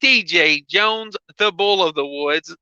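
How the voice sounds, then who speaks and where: A man's voice: sits high, slow pace, bright, forceful tone, clear, resonant tone, no room sound. A man hosting a trucking livestream in casual, rambling chat full of fillers. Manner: rambling, filler-heavy, laid-back. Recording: dull lo-fi dry sound.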